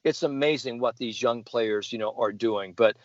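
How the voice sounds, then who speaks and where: In an interview, an older golf sports psychologist eagerly shares stories, stumbling through many fillers and restarts. He speaks at a medium pitch and moderate pace, and the recording is dry, dull, and lo-fi.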